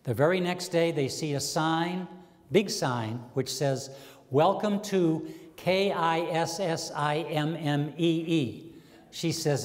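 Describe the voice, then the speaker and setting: A man's voice: fairly high pitch, moderate pace. A man telling stand-up jokes, spinning stories with quoted character voices and chatty asides. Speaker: stand-up comedian. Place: community access TV stage, live audience. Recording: long hall reverb.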